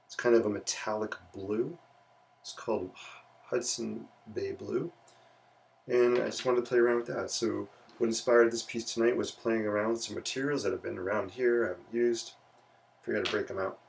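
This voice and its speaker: Gravelly-voiced man hosting a live art stream. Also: fairly low pitch, normal speed, recorded from a distance. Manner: relaxed, chatty, playful asides. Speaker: livestream art host. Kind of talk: casual live sketching stream.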